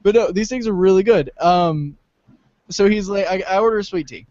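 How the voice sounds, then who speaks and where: A young male co-host chats casually on a podcast, telling stories with animation and frequent laughter. His voice is a little mellow at normal speed, captured on a dry, dull, low-fi recording.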